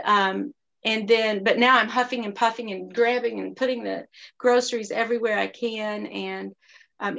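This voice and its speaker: Earnest woman with a gravelly voice. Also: a little high, a bit bright. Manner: earnest and confessional, reflective, faith-minded. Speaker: single mother sharing a personal story. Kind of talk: candid personal storytelling.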